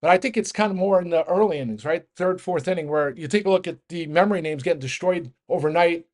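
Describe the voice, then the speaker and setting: A man giving a fast, rambling casual market rant as host, with many restarts and fillers. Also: on the high side. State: out of breath. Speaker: market commentator.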